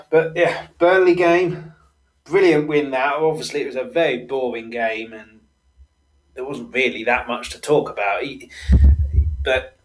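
A man's voice: medium pitch, poor audio. A man hosting a solo football podcast, chatting casually with lots of fillers and self-corrections. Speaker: podcast host.

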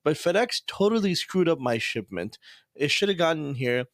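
A man hosting a podcast and talking fast in a casual, frustrated rant, with Islamic phrases scattered through his speech. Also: a little high, big pitch swings, no echo, clean studio sound. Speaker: podcast host.

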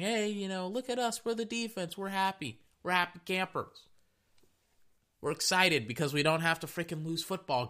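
A man giving casual, rambling play-by-play of a football game, excitable, often correcting himself and swearing casually. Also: mid-range voice. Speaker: sports commentator. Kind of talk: casual play-by-play commentary while watching a game.

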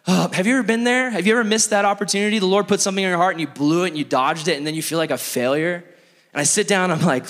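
A young man preaching as a youth pastor, telling stories in an animated, self-mocking way full of "like". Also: high-pitched, quick pace. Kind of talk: storytelling sermon. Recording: long reverb of a large hall.

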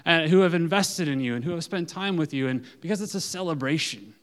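A man's voice: on the high side, lively intonation, a little fast, a bit bright. A man, a pastor giving a casual sermon in a loose, chatty way with many fillers. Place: church sanctuary. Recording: long church-hall reverb.

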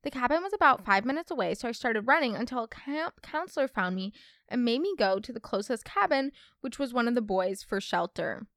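Young woman, storytime podcast host, chatty, bouncy pitch, slightly high, dry close sound. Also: a little fast, no room sound. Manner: chatty, expressive, reads listener stories aloud.

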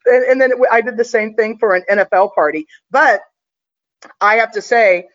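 A woman's voice: fairly high pitch, normal speed. Chatty woman telling a story, muffled. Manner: chatty, confident, full of fillers. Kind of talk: casual storytelling.

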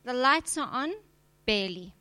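A woman's voice: a little high, animated, normal speed, bright, forceful tone, clear, resonant tone, no echo. A woman preacher, giving a direct, emphatic sermon with touches of humor. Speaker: preacher and church leader.

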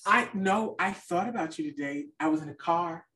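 A woman's voice: lowish voice, normal speed, a bit bright, far from the mic. A woman co-hosting a podcast in casual chat, talking loosely with fillers and trailing off. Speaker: podcast co-host.

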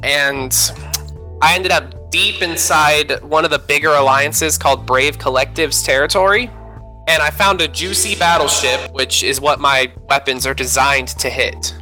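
A man's voice: on the high side, measured pace, bright, forceful tone, soft background music, poor audio. A man from the American South telling a gaming story on a casual podcast, with frequent fillers. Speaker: podcast co-host.

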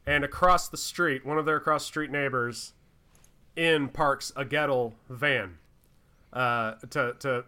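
A man's voice: medium pitch, bright, forceful tone. A man co-hosting a casual podcast, talking in a rambling way with lots of fillers and restarts. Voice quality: rambling, many fillers and restarts, laughs often. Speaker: podcast co-host. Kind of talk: casual chat.

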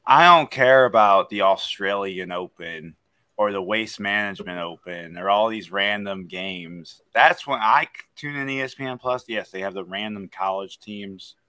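A man's voice: lowish voice, moderate pace, bright, forceful tone, dry recording. A man from Kentucky co-hosting a podcast, arguing about sports coverage in casual chat with an opinionated, emphatic manner. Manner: opinionated, emphatic, many "like" fillers. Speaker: podcast co-host.

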